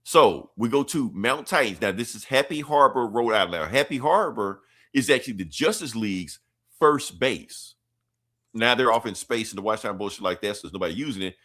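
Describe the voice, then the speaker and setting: A man's voice: mid-range voice, expressive, brisk, pushed and bright. A young adult man hosting a podcast, recapping a comic in a rambling, slangy, profane and offhand way. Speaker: podcast host.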